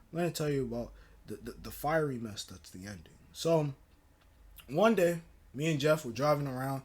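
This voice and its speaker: A man's voice: a little high, fairly bright tone. Slangy young guy telling a story. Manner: loose slang-filled talk with many fillers. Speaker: storytelling channel host. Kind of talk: casual story time narration.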